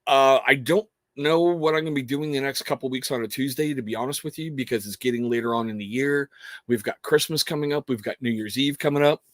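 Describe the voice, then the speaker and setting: A man's voice: medium pitch, fairly quick, a bit bright, no echo. A man chatting on his own livestream in a loose, earnest ramble, often stopping and starting his sentences. His voice sits in a middle range, and the sound is dry and close, with almost no room around it. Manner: rambling, self-interrupting, earnest. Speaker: livestream host. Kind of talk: casual livestream chat.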